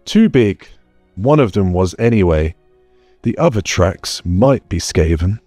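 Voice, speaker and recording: A man voicing a gruff one-eyed male dwarf warrior who speaks curtly, with faint music behind. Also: low-pitched, sing-song, a little slow, mellow, no echo, exaggerated voice. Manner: curt, blunt, few words. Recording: dry close mic, faint music bed.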